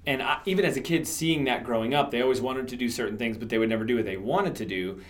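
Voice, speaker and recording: A man's voice: medium pitch, quick pace. A man co-hosting a podcast, telling a personal story with eager enthusiasm. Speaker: podcast co-host. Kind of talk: casual faith chat, storytelling.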